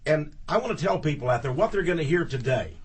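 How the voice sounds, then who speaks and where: A man on a talk radio show as a studio guest, with a husky voice pitched a little high. He speaks emphatically and with indignation, hammering key words by repeating them. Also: lively intonation, quick pace.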